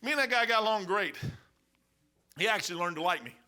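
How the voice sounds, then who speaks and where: A male pastor preaching a sermon in church, telling stories in an animated, colloquial way. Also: high voice, fast. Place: church, behind the pulpit.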